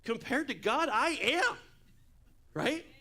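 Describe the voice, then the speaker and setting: A man preaches a relaxed, humorous sermon, full of asides and stories. His voice sits high and rings bright and clear. He is in a church. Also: takes it slowly. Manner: casual, jokey preaching with asides. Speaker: pastor.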